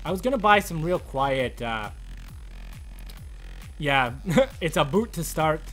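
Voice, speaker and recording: A man's voice: fairly high pitch, very animated, takes it slowly, a bit bright, faint music behind. A young man, live streaming a game and chatting casually with viewers, greeting and teasing them as he reads the chat. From Canada.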